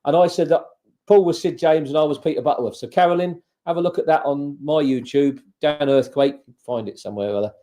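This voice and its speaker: A man co-hosting a casual livestream, keen and full of short bursts of praise. His voice is a little higher than most men's, with a mellow, dark tone. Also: fast talker. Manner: enthusiastic, short praising remarks. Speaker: arm wrestling promoter and co-host.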